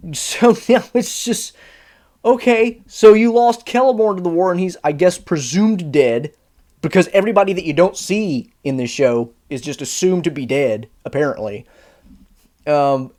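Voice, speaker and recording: Guy ranting about a show, kinda high voice, sarcastic, gets worked up. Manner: animated, exasperated, sarcastic asides. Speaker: reviewer. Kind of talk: casual video review.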